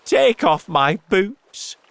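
A fussy centipede who complains loudly, voiced by a man in a raised storybook voice. Pushy and stubborn in tone, with wide swings in pitch. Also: very animated, unhurried, no echo. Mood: complaining. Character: fussy centipede with many boots.

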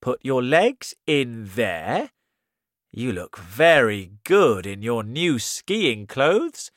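A man voicing a sly, clever tailor who coaxes and flatters a king in a told story. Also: mid-range voice, very slow, no echo, studio quality. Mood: coaxing. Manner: coaxing and flattering.

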